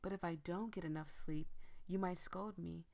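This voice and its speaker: A woman's voice: fairly low pitch, normal speed, mellow, lightly acted. A woman voicing the player character of a game, a young woman office worker, light, friendly and easygoing.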